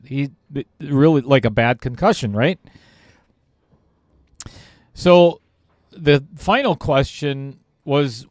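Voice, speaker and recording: Slow, unhurried male pool commentator. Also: medium pitch, animated, no echo, clean studio sound. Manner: self-deprecating storyteller who laughs at himself. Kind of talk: casual anecdote told on air.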